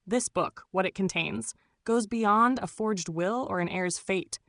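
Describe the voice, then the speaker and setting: A woman's voice: mid-range voice, unhurried, a bit bright, dry recording, clean studio sound. A woman reading as an anxious young scholar on the run. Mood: anxious earnest.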